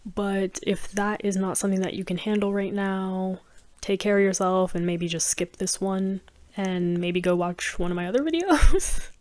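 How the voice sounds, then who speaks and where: A woman's voice: medium pitch, normal speed, a little mellow. A woman chatting casually as she recaps a movie, laughing often and peppering it with "like.".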